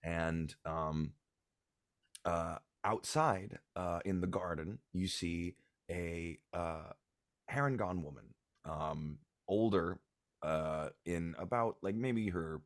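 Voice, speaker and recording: A man narrating a tabletop game as game master, halting with many fillers and restarts. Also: low voice, dry recording, clean studio sound.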